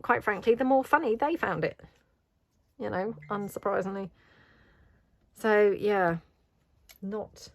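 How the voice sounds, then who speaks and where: A woman's voice: mid-range voice, fairly bright tone, no echo. A middle-aged British woman chatting casually while she crafts, rambling and self-deprecating. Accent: British English. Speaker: craft vlogger.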